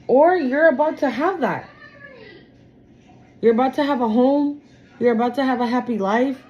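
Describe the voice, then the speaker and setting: A woman's voice: fairly high pitch, a little mellow, dull audio, a little hiss or hum. A woman giving a casual tarot reading to her viewers, blunt and emphatic, swearing freely and calling them y'all. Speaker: tarot reader.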